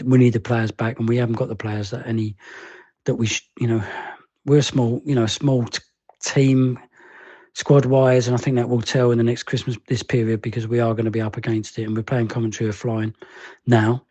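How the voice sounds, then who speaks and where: Man, fan caller, rambling, hesitant, monotone, mellow, dry. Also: medium pitch, no echo. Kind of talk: voice message match review.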